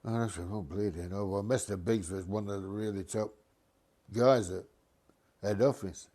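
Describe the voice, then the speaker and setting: An older man telling a funny anecdote about his bus driving days, acting out other people's voices as he goes. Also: moderate pace. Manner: lively, acts out voices of passengers with raised pitch. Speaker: storyteller, former bus driver.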